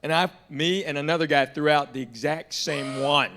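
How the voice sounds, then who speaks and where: A man with a fairly high voice tells a road story with a comedian's timing. He swings his pitch and volume wide whenever he acts out what someone said. He sounds like a seasoned stand-up sitting on a roundtable panel. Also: normal speed, bright, forceful tone. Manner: acts out quoted dialogue with big jumps in pitch and volume. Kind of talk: animated storytelling. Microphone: live stream panel mic.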